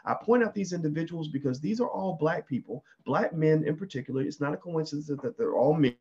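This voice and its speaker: A man's voice: fairly high pitch, animated, fast talker, mellow, husky, highs cut off. A man giving an emphatic opinion monologue, often asking 'right?' and restarting his sentences. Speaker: commentator.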